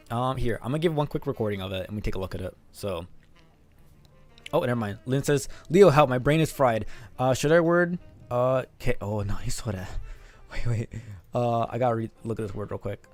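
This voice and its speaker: A man's voice: medium pitch, moderate pace, long pauses, a little mellow, soft background music. Laid-back streamer guy, laughs a lot. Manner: laid-back, laughs often, swears, says "dog" and "man". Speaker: streamer reading chat and translating manga. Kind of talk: casual live-stream chat.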